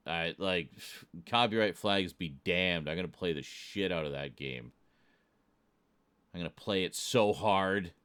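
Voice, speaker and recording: A British man with a low, slightly bright, clean voice is streaming and chatting casually with his chat. He jokes around and often chuckles at his own jokes.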